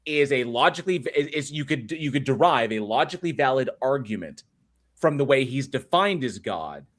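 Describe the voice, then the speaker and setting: A man's voice: medium pitch, lively intonation, a little fast. A man hosting a debate stream, dismissively picking apart arguments in logical terms and laughing often. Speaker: debate panel host. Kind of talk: casual argumentative livestream commentary.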